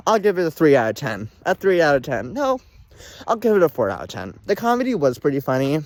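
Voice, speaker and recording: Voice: medium pitch, a little mellow. Dramatic, exclamatory young movie reviewer. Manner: dramatic, exclamatory, addresses viewers as "girls". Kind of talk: casual vlog review.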